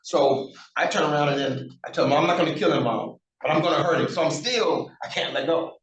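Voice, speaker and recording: A man's voice: fairly high pitch, fairly quick. A man in his sixties telling stories in a casual interview, bluntly and profanely, acting out the dialogue. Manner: animated, acts out quoted dialogue, blunt and profane. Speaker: interview guest, former prisoner. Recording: roomy echo.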